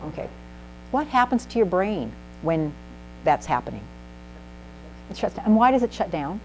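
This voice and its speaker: A woman giving an animated, emphatic presentation to a small group in a meeting room, asking the audience questions as she teaches. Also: fairly low pitch, normal speed, a little hiss or hum, rough recording. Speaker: speaker at a speaking club. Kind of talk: instructive presentation.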